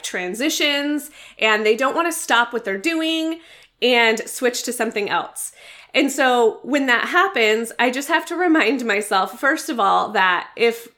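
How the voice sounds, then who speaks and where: A woman in her thirties gives parenting tips in a casual live talk, in a crisp, bright voice that sits a little high. She sounds earnest and encouraging, and she slips into lively voices when she quotes a parent. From United States. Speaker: parenting podcast host. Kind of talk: casual advice talk from a social media live.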